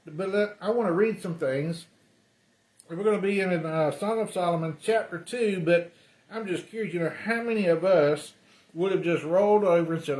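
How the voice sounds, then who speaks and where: A man's voice: high-pitched, moderate pace, darkish tone. A man preaching a sermon, telling the story in a loose conversational way with lots of ums and uhs. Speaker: pastor. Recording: roomy echo.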